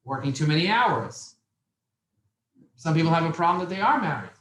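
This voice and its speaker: A man's voice: on the high side, normal speed, roomy sound, slight background noise, poor audio. A man teaching a business class to a room of young men, telling stories and asking them questions. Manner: animated storyteller, asks the room questions. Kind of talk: lively classroom talk. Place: classroom with audience.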